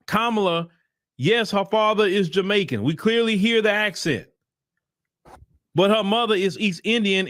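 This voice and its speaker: A man's voice: sits high, a bit bright, dry recording. A man hosting his own channel, giving opinionated political commentary in blunt, casual talk and repeating his points for emphasis. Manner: casual vernacular talk to viewers.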